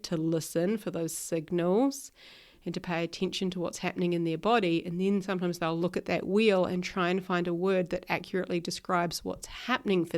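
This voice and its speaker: A woman hosts her own podcast and talks straight to the listener in a casual, chatty way. Her voice sits fairly low and sounds a little worn after being sick. She laughs at herself often. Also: a little mellow. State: recovering from illness, little voice. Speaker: podcast host, ADHD coach. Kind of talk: casual solo podcast talk.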